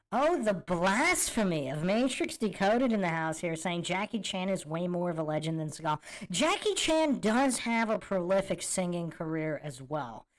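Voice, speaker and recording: Animated, amused woman podcast host. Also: lowish voice. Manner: amused, incredulous, laughs often. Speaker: podcast host reacting to clips. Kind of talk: casual commentary with chat readouts.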